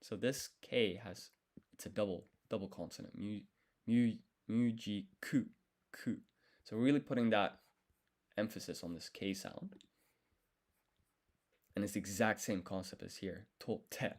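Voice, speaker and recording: Speaking in a lowish voice, a man works on a language during a live stream. He talks through his thinking, pronounces syllables slowly, and keeps correcting himself.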